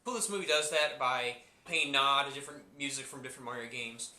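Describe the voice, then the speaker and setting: A man's voice: mid-range voice, brisk, bright, forceful tone, reverberant, a little hiss or hum. A man giving a casual spoken movie review, rambling and repeating himself with many restarts.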